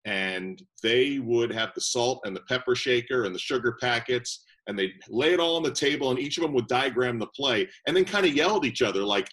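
A man, a basketball broadcaster, telling lively stories as a guest in an interview. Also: medium pitch, brisk, few pauses. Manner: lively anecdotal storytelling. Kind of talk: interview storytelling.

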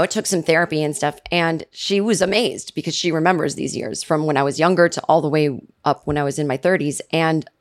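A woman in her forties hosting a podcast, telling a rambling comedic story in a chatty way and mimicking her family with shrill yells. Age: 40s. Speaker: podcast host. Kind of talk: casual comedic monologue.

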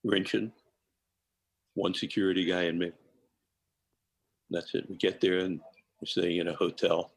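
Man with a deep husky voice, warm animated storyteller guest, dry close mic. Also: measured pace, pauses often, dry recording, low-quality recording. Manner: animated storyteller, laughs often. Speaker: guest chef. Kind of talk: personal anecdote in interview.

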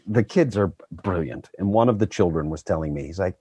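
A man's voice: low voice, moderate pace, breathy edge, dry recording. A male voice actor telling stories about his work in a self-deprecating, casual way. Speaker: guest voice actor. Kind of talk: casual interview chat.

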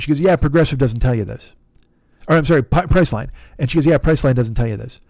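A man's voice: mid-range voice, fast, darkish tone, no room sound, studio quality. Exasperated man telling a rant story. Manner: exasperated, swears often, acts out both sides of conversations. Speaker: podcast host. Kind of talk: casual storytelling monologue.

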